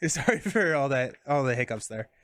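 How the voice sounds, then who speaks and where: A man's voice: mid-range voice, big pitch swings, moderate pace, a bit bright, no echo, studio quality. A young man casually streaming a card game, talking through his moves and chatting with viewers. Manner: chatty, reads chat and thanks viewers mid-game.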